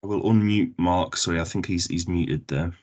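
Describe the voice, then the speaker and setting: A man moderating an online Q&A over a video call, brisk and joking as he hands over to the next questioner. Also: sits low, fairly even intonation, a little mellow. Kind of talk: chairing an online Q&A.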